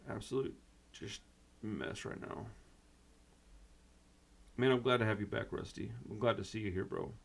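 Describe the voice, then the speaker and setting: A man's voice: lowish voice, normal speed, gravelly, long pauses, a little hiss or hum. A man hosting a punk rock channel, upset and venting in a rambling, casual way that is full of "dude" and "bro.".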